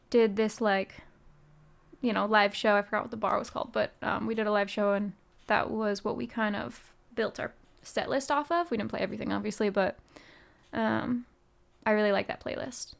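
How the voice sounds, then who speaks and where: Woman musician streamer, rambling casual chat with viewers, lots of filler, voice slightly high. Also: creaky. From United States. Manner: rambling and chatty, full of "um" and "like". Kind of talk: casual livestream chat, answering chat.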